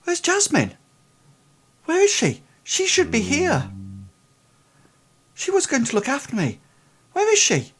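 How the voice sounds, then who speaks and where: Lady playing a freaked-out young english guy, high strained voice, jumping all over. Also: huge pitch swings, measured pace, pauses often, heavily acted. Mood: anxious. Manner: anxious repeated questions. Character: frightened young English man, dazed.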